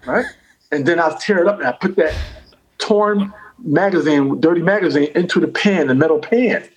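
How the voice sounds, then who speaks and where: A man telling a long comic story in casual chat, animated and profane, repeating phrases as he goes. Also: on the high side, moderate pace, rough recording. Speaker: comedian guest.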